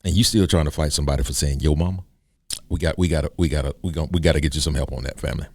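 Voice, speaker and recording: Brief: gravelly deep-voiced man, animated comic monologue host, dry close mic. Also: very fast, no echo. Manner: animated storyteller who swings into high comic voices. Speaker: podcast host. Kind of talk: casual comedic monologue.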